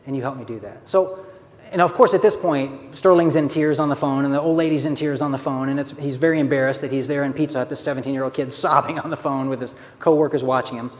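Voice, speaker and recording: A man telling a story in a conversational, earnest way, sometimes giving a brief laugh. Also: on the high side. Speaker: speaker, author. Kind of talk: storytelling talk. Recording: long reverb, faint background noise.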